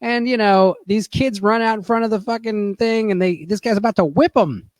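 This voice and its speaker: A man's voice: sits high, moderate pace, dry recording. Rambling, profane man recapping a movie. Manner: rambling, profane, filler-heavy. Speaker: podcast host. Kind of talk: casual movie recap on a stream.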